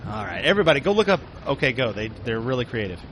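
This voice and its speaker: A man's voice: medium pitch, very animated, very fast, fairly bright tone, a little hiss or hum, rough recording. A man co-hosting a podcast, bantering casually with friends and laughing often. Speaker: podcast co-host.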